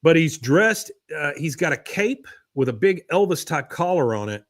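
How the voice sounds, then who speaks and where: A man's voice: fairly high pitch, big pitch swings, moderate pace, no room sound, clean studio sound. A man hosting a podcast, recapping a cartoon episode in a wry, chatty way. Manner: wry, chatty storytelling with fillers. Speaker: podcast host.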